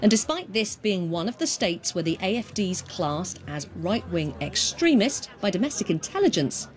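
A woman news reporter giving a scripted report with a clear, measured delivery. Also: medium pitch, very animated.

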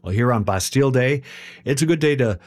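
A man announcing on a classical music radio station, relaxed and friendly with a slightly playful touch. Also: medium pitch, a little fast.

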